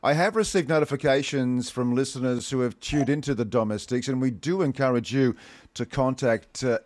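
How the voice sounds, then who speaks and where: Dry-sounding podcast host. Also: male voice, mid-range voice, a little mellow, no room sound. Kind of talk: podcast hosting.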